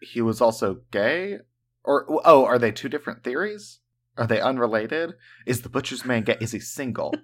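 A man co-hosting a casual podcast, animated and joking, with plenty of profanity. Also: mid-range voice, normal speed. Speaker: podcast co-host. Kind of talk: casual chat.

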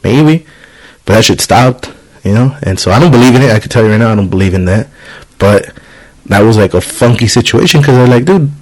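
A man's voice: lowish voice, quick pace, rough recording. Profane, storytelling man. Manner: profane, animated storytelling with voiced quotes. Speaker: podcast host. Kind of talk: casual storytelling chat.

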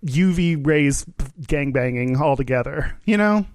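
A man's voice: a little high, animated, a little slow, clean tone. A man co-hosting a comedy podcast, rambling and giggling as he tells a joke. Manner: giggly, rambling, self-deprecating. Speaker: podcast co-host. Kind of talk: casual comedic chat.

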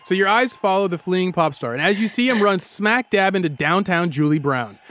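A man's voice: sits high, lively intonation, normal speed, a bit bright, dry recording. A man hosting a storytelling podcast, telling the tale to a co-host in a playful, jokey way on a close studio mic. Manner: playful, jokey, acts out quotes.

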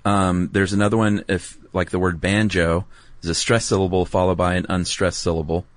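A man's voice: low-pitched, level tone, fairly quick, no echo. A man co-hosting a podcast, chatting casually and playfully, keen on the details of the topic. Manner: enthusiastic about details, playful asides. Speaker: podcast co-host. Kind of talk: casual explanatory chat.

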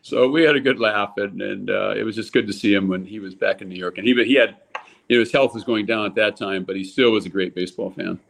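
Older man spinning lively ballpark tales. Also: fairly low pitch, quick pace, gravelly. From California. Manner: animated anecdote teller, lots of restarts, voices people in quotes. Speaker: guest, former ballplayer. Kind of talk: casual storytelling.

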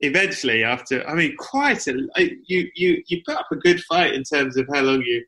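A man hosting a podcast, with a bright, forceful voice. He spins long, absurd stories in a deadpan, casual way and swears freely. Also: on the high side, moderate pace, rough recording. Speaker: podcast host. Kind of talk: casual comedic chat.

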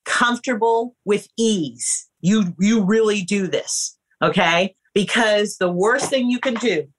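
A woman's voice: medium pitch, takes it slowly. A woman acting coach and casting director giving emphatic, conversational advice to actors on a podcast. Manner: emphatic, conversational, addresses listeners as you guys.

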